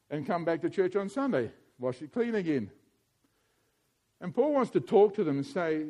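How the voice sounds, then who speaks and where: A man preaching a sermon in a church, animated and playful, often putting questions to the congregation. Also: high-pitched, moderate pace.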